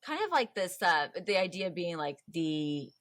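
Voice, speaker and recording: Podcast host, woman, low register, chatty and animated storyteller, dry close mic. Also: measured pace, no room sound. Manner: chatty, animated storytelling with playful voiced quotes. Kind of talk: casual history podcast chat.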